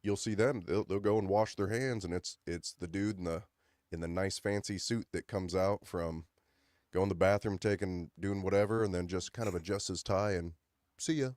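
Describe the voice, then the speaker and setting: A man with a lowish voice tells loose, rambling stories on a studio podcast, slipping into voices for the people in them. He is close on the mic, and the sound is dry with no room ring. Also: fairly even intonation, normal speed, darkish tone, dry recording. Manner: rambling anecdotes with acted-out quotes. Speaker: podcast co-host. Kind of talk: casual chat, storytelling.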